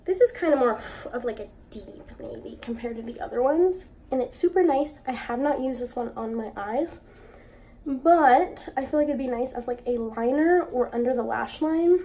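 A woman's voice: fairly high pitch, moderate pace, warm tone, slight background noise. A young woman chatting casually as a beauty vlogger, enthusiastic and full of "like" fillers, recorded at home. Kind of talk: casual chat while swatching makeup.

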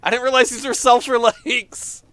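A man's voice: very high-pitched, little pitch movement, moderate pace, a bit bright, no echo. A man casually commenting on a game as he plays, exclaiming often, laughing and reading the game's text aloud. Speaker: let's player.

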